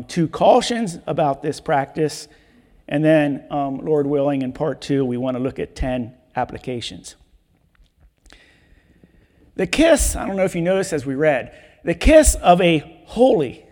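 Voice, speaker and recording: A man preaching a sermon, reading Bible verses in a measured way and repeating key words for emphasis. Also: high voice, a little mellow. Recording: long hall reverb.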